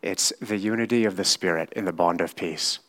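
A man preaching a sermon, teaching slowly and often checking in with his listeners with a quick "right?". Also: low-pitched. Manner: slow, measured teaching with frequent "right?" checks. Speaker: pastor.

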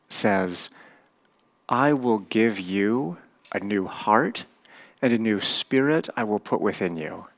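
A male pastor delivers a sermon at an unhurried pace. His voice sits on the low side, and he keeps it conversational, putting questions to his listeners as he goes. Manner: conversational, asks the congregation questions.

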